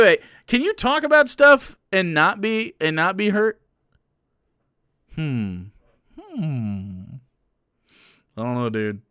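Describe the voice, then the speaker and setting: A man's voice: sits high, fairly bright tone, no room sound, clean studio sound. A man livestreaming, ranting casually to his chat in a crude, mocking and combative way with sarcastic asides.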